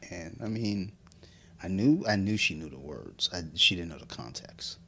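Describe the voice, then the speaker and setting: A man's voice: low-pitched, lively intonation, moderate pace, a bit bright, breathy edge. A man in his thirties in casual chat, profane and laughing as he tells stories, a little drunk.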